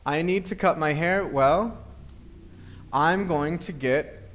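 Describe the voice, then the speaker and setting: Man, slightly higher voice, patient grammar lesson, repeats examples. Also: fairly bright tone. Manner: patient, repeats examples slowly, checks with "okay?". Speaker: English teacher.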